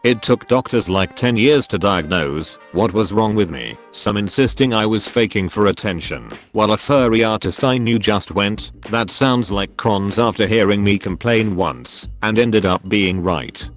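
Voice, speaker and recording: A man's voice: on the low side, normal speed, hardly any pauses, faint music behind. A man narrating a meme channel, reading funny posts aloud in a dry, matter-of-fact way.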